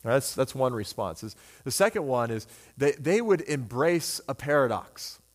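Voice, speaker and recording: A man preaching a sermon as pastor in a conversational, animated way, often acting out what people say. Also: mid-range voice, moderate pace. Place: church sanctuary. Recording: long hall reverb.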